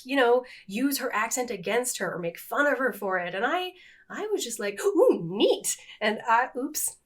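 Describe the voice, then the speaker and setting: Middle-aged woman cohosting a podcast, kinda high voice, chatty, pokes fun at herself. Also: moderate pace. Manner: animated, self-deprecating, laughs at herself. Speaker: podcast co-host. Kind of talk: casual chat.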